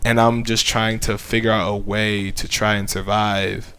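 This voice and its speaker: A man's voice: lowish voice, flat delivery, unhurried, fairly bright tone, clean tone. A young man, a YouTuber, speaking earnestly and conversationally as he shares a personal faith testimony. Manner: earnest, heartfelt, conversational with frequent fillers. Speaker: YouTuber sharing his faith.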